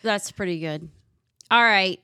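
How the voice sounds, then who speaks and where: A woman's voice: medium pitch, a little slow, sharp tone, clean tone, dry recording, clean studio sound. A woman hosting a talk show and reading news items with sarcastic, laughing commentary. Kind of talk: news roundup chat.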